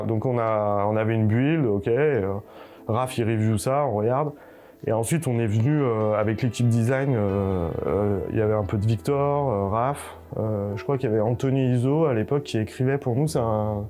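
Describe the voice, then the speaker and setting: Man, game artist, hesitant interview storytelling, warm mellow tone. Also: medium pitch. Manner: hesitant, many filler sounds.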